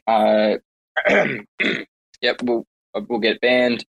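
A man's voice: medium pitch, animated, drawn-out words, pauses often, rough recording. A man co-hosting a casual chat, joking and teasing as he plays along. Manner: joking, teasing, playfully scolding.

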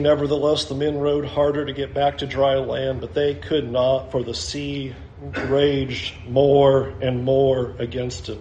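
A man's voice: mid-range voice, a little mellow, roomy sound, a little hiss or hum, poor audio. A man preaching a sermon as pastor, emphatic, repeating phrases and asking the listeners questions.

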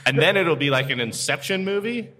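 A man co-hosting a podcast live at a comic convention, playful and quick to slip into impressions. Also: a little high, lively intonation, sharp tone, a little hiss or hum. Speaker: podcast co-host.

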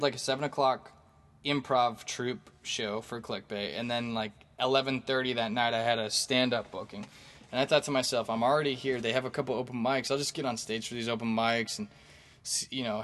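A male stand-up comedian with a medium-pitched, slightly bright voice tells his audience a loose, casual story. His monologue rambles along with plenty of fillers, restarts and swearing.

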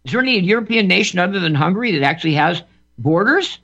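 A man's voice: high voice, lively intonation, fast talker, gravelly, sharp tone. A man giving an emphatic political monologue as a commentator, often repeating words and restarting phrases. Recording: dull lo-fi recording.

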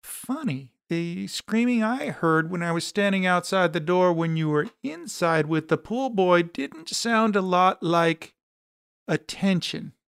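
A man's voice: high voice, lively intonation, a little slow, vocal fry, fairly bright tone, clean tone, no room sound, pitched above the performer's own voice, exaggerated voice. A man doing a sarcastic cocky investigator. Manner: dry, sarcastic.

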